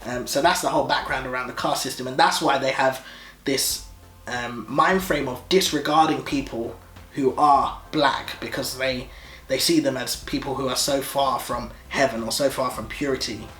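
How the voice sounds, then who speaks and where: A young man co-hosting a casual couple vlog, explaining things in a relaxed way and laughing easily. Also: medium pitch, moderate pace. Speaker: vlog co-host. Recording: echoey room.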